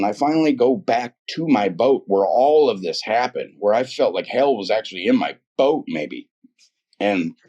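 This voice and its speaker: A man's voice: fairly low pitch, darkish tone. A middle-aged man telling his own life story in casual, earnest, rambling speech, full of "dude" and "man". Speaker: guest telling his testimony. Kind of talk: casual personal testimony.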